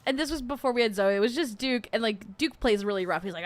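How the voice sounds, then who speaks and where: A woman's voice: fairly high pitch, animated, fast talker, fairly bright tone, no room sound. A young adult woman hosting a casual livestream, rambling with lots of fillers and frequent giggles. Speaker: host.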